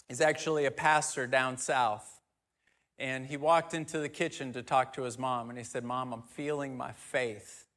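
Bright-voiced storytelling male preacher. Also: on the high side. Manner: storytelling, drops to soft near-whisper for emphasis. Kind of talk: sermon.

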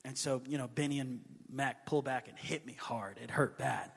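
A man in his thirties, a pastor, preaching a sermon as a lively storyteller who acts out his kids' voices. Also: medium pitch, moderate pace, vocal fry, breathy edge, big-room sound. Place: church hall.

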